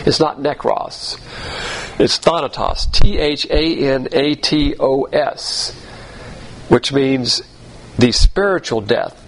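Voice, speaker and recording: A man preaching an expository Bible lesson, spelling out Greek words letter by letter in a measured teaching delivery. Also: mid-range voice, vocal fry, slightly rough, rough recording. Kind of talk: expository sermon.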